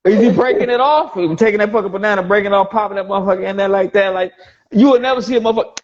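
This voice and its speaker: A man's voice: high-pitched, racing. A man in casual comedic banter, swearing freely and mocking, acting out other people's voices. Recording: dull lo-fi audio with clear hiss.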